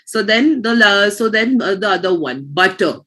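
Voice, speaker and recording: A woman's voice: medium pitch, expressive, moderate pace, a bit bright. A woman teaching pronunciation in an online class, explaining patiently and restarting her phrases.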